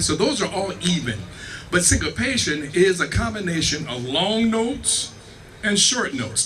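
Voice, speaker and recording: Bright-voiced man teaching music history. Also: sits high, lively intonation, takes it slowly, distant mic. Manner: explains patiently, checks in with the audience; sings and hums rhythms to demonstrate. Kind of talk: live performance with spoken music lecture. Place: performance venue with live audience.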